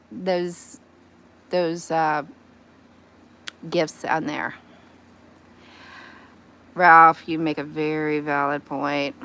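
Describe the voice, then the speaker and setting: A woman with a Southern US accent, chatting casually with her livestream viewers from her phone, animated and quick to squeal and laugh. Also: fairly low pitch. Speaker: livestream host.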